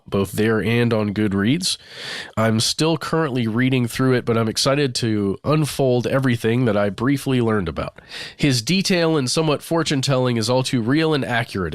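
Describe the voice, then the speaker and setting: A male podcast co-host reads out a listener's email in an easygoing, chatty manner, tossing in asides and the odd swear word. His voice sits in a middle range, and the studio sound is dry and close with no room echo. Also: mid-range voice. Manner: chatty and loose, with laughs and casual swearing. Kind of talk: casual podcast chat, reading a listener email aloud.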